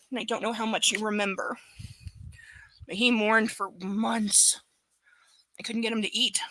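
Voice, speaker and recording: A woman's voice: mid-range voice, bright, forceful tone, no echo, rough recording. A woman chatting casually from home during a live book reading, rambling and swearing freely. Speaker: book reader streaming live.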